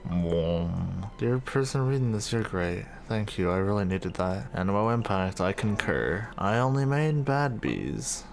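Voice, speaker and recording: Chill guy goofing around reading comments, slow talker, lowish voice, faint hum behind. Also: expressive, creaky. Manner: laid-back, joking, easily amused. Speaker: gaming video creator. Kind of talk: casual reaction commentary.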